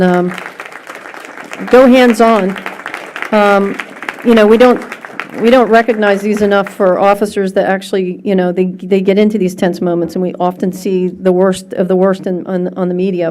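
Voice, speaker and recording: A woman's voice: mid-range voice, a little mellow, slight background noise. A woman presenting at a city council meeting, talking in an earnest, slightly hesitant way. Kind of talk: formal presentation.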